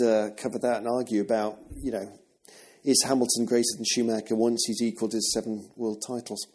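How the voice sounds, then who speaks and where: A man's voice: medium pitch, a little mellow. English man, teasing podcast banter. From England. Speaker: podcast co-host. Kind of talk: casual chat.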